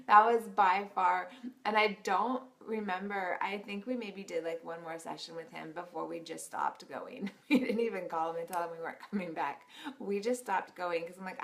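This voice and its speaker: A woman vlogger telling a personal story in a casual, chatty way, giggling as she goes. Her voice has a gravelly fry and sits at a middle pitch. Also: fairly bright tone. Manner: giggly, chatty, with frequent laughs.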